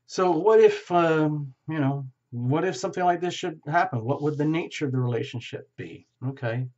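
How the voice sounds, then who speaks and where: A man giving a casual tarot reading, musing and repeating words with lots of fillers, gentle and reassuring. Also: fairly high pitch, moderate pace, lo-fi sound. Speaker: tarot reader.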